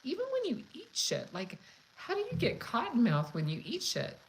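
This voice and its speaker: A woman hosting a cooking channel, chatting casually and telling a story in a frank, profane, animated way. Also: fairly high pitch, moderate pace, slight background noise, poor audio. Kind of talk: casual live chat storytelling.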